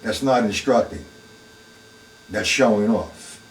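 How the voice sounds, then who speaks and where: A man's voice: on the low side, slow, recorded from a distance, slight background noise. Emphatic male drum teacher in echoey room. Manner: plain-spoken, emphatic, demonstrating strokes aloud. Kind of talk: live online drum lesson. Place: practice room.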